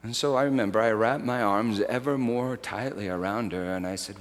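A man preaching a sermon, swinging from hushed, slow phrases to loud, soaring outbursts. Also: fairly low pitch, long reverb tail.

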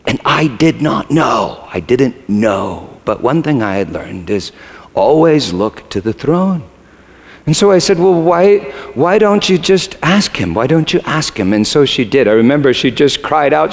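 A man preaching a sermon, swinging from hushed, halting storytelling to loud, emphatic proclamation. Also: mid-range voice, animated, creaky. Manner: dramatic swings from hushed to shouting; halting restarts when moved. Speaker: pastor. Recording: long hall reverb.

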